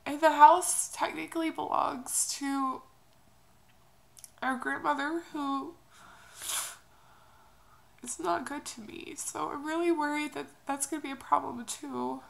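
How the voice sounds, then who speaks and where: Tearful young woman with a gravelly voice. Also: high-pitched, fairly even intonation. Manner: halting, hesitant, soft. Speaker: vlogger. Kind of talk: emotional personal vlog.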